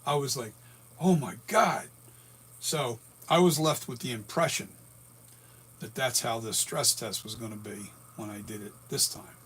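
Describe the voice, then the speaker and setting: A man in his sixties, hoarse from a breathing tube, telling a rambling story with many self-corrections in a casual vlog. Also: mid-range voice, steady tone, normal speed, a bit bright. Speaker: latex mask and prop maker.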